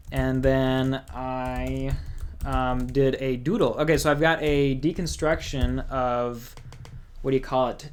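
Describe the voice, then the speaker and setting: A man's voice: medium pitch, slight background noise. A young man hosting a casual music livestream, rambling in a chatty way and reading out viewer comments. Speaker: music channel host.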